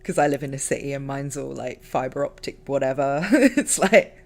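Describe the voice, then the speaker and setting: A woman with a London accent, hosting a casual stream chat, talkative and quick to laugh. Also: a bass voice, expressive. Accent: London English. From London, England. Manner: chatty, laughs often, many fillers. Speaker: streamer host.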